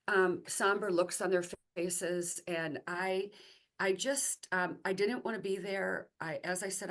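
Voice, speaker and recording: A middle-aged woman, a guest, telling a personal faith story in a conversational way, pausing with fillers and restarts. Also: on the low side.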